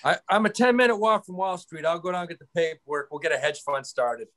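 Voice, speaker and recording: A man co-hosting a podcast in casual chat, eager and quick to agree. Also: a little high, over a noisy crowd. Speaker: podcast co-host.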